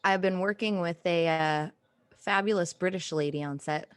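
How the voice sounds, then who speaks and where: A woman's voice: fairly low pitch, normal speed, smooth, no echo. An American woman co-hosting a casual podcast chat, playful and giggly with theatrical asides. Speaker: podcast co-host.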